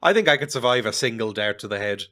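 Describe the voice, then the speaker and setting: A man's voice: medium pitch, lively intonation, fast, sharp tone, a little hiss or hum. A man giving casual, sarcastic commentary while playing a video game, joking and laughing often. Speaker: let's play gamer.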